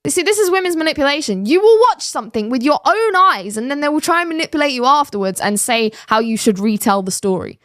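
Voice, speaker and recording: A woman's voice: high-pitched, sing-song, quick pace, few pauses, a bit bright, dry recording. Woman host, blunt sarcastic reaction commentary, dry booth sound.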